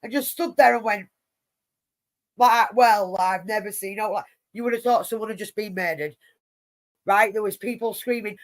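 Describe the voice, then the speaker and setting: A woman's voice: medium pitch, moderate pace. A woman hosting a live stream, telling rambling stories full of swearing and acted-out quotes. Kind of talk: casual profane storytelling chat.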